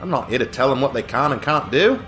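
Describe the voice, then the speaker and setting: A man's voice: mid-range voice, expressive, fast, fairly bright tone, faint music behind. A game streamer, a man, chatting through his matches in a hammy put-on British accent full of mock slang. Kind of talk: gaming livestream commentary.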